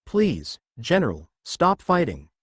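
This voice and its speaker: Brief: man doing an earnest pleading boy, urgent, lively pitch, dry recording. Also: fast talker, no room sound.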